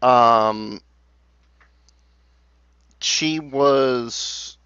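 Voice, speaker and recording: A man running a tabletop game as game master, talking haltingly with many fillers and restarts. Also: medium pitch, sharp tone, smooth, no room sound, lo-fi sound.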